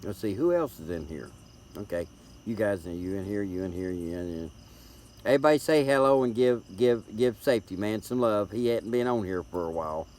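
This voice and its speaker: A man's voice: fairly low pitch, expressive, a little fast, a little mellow, slight background noise. A middle-aged man from Tennessee with a Southern accent, chatting casually and rambling as he hosts a live stream, recorded on a tablet's built-in mic. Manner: folksy, rambling, repeats words as he talks. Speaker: livestream host.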